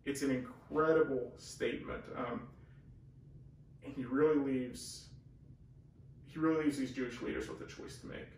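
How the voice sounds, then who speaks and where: This Bible teaching co-host is a man with a medium-pitched voice, a steady tone, normal speed, and long pauses. The talk is conversational, and he speaks earnestly and emphatically with restarts. A camera mic records him from far off in an echoey room with faint hiss.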